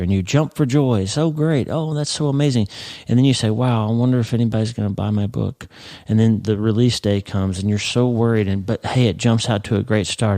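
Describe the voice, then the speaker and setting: A middle-aged man hosting a podcast, talking earnestly about happiness and acting out people's inner thoughts with rising excitement. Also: fairly low pitch, dry recording, studio quality. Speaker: podcast host. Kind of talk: motivational podcast talk.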